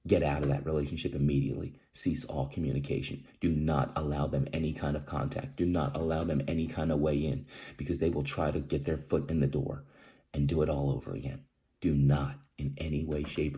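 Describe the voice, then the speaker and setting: Low-voiced man giving blunt, emphatic advice. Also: level tone, mellow. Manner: emphatic, repeats key phrases, says "right?" often; halting, restarts, clears throat often. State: emotional. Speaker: vlogger sharing personal experience. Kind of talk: earnest direct-to-camera advice talk.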